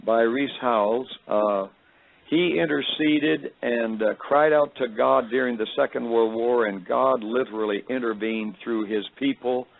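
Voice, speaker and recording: A man giving a personal testimony, telling his story in a halting, rambling way with many fillers, his voice deep and tired tonight. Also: vocal fry. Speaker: speaker recounting a vision. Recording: phone-like radio broadcast.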